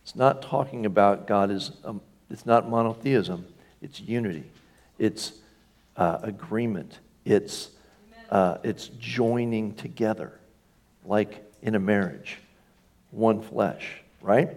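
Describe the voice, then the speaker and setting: A man's voice: fairly low pitch, slow, a little mellow. A man preaching a sermon in a church, emphatic, lifting his voice on key phrases and asking the congregation for agreement. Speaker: pastor.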